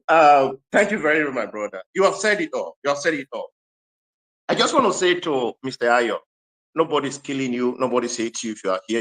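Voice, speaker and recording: A man's voice: mid-range voice, poor audio. A man speaking on an online discussion panel, telling stories animatedly and laughing often. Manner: animated, excitable storyteller who laughs often.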